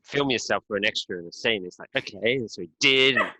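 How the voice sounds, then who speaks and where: A man's voice: fairly low pitch, quick pace, sharp tone, dry recording, poor audio. A man who hosts a game developer podcast, talking in a laid-back, jokey way. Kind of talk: casual podcast chat.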